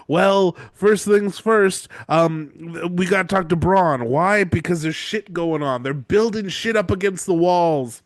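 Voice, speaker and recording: A man's voice: high-pitched, a little slow, few pauses, no room sound. A young man hosting a podcast, recapping a book chapter in a profane, rambling, playful way. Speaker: podcast host.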